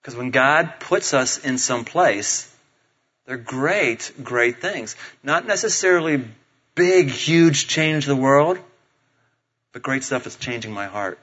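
Man, middle-aged, pastor, sermon, animated storyteller, bright voice, dull lo-fi recording. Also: mid-range voice, slow pace. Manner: animated storytelling, acts out voices of family members. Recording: dull lo-fi sound.

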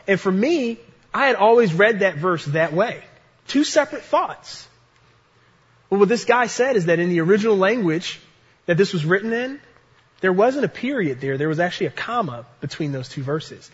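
A man's voice: high-pitched, animated, moderate pace, breathy edge, muffled recording. Earnest male preacher in a big hall. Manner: earnest, repeats key phrases for emphasis. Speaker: pastor. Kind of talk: sermon.

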